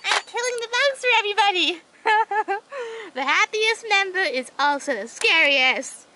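In a noisy home recording, one woman plays every character in a toy role-play, filling it with excitable squeals and chattering back-and-forth between the figures. She speaks in a very high-pitched voice at a measured pace.

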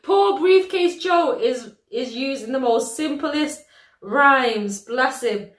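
Lively British woman reacting in a roomy space. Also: high-pitched. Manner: slangy, animated, quick to laugh. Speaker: reaction video host. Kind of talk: excitable casual reaction commentary.

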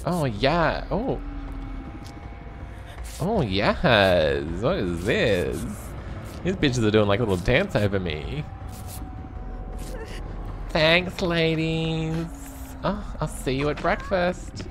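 A man's voice: medium pitch, very animated, slow pace, long pauses, background noise. A young man playing a video game and commenting as he goes, camp and sassy, swearing freely and breaking into shrieks and laughter. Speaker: gaming streamer. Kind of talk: live gameplay commentary.

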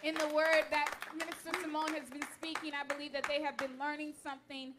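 A young woman with a noticeably high voice speaks to a church congregation. She moves between grateful acknowledgments and measured scripture reading, steady and earnest. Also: heavy background noise. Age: young adult. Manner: fervent tearful prayer, then warm measured preaching. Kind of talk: sermon. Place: church sanctuary.

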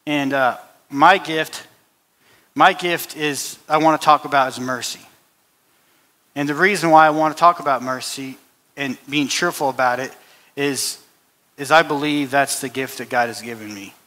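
A man's voice: medium pitch, moderate pace, long pauses, sharp tone. A man preaching a sermon and telling a personal story, earnest, with frequent restarts and repetitions. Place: church hall. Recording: long hall reverb.

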